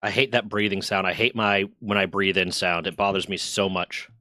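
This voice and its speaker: A man's voice: low voice, flat delivery, moderate pace, bright, forceful tone, dry recording, clean studio sound. Joking man in his late twenties streaming. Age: 20s. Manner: joking, chatty, teasing. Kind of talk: casual live-stream chat.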